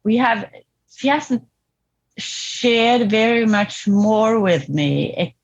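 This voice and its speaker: A woman as a therapy client, talking reflectively and hesitantly with restarts and soft laughs, over a video call. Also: on the high side, expressive, extremely slow, dull audio. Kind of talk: therapy session talk.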